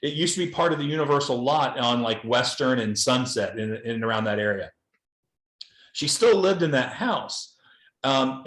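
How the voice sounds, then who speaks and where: A filmmaker from Los Angeles, a man, speaking bluntly and earnestly in a candid panel discussion, often repeating words as he goes. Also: mid-range voice. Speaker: documentary filmmaker guest. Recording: roomy echo.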